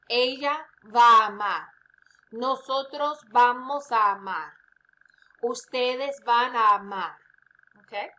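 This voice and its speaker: A woman's voice: fairly high pitch, measured pace, bright, forceful tone, dull audio. A woman teaching an online Spanish lesson at home, upbeat and chatty, checking in with "okay" often. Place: home with lawnmower outside.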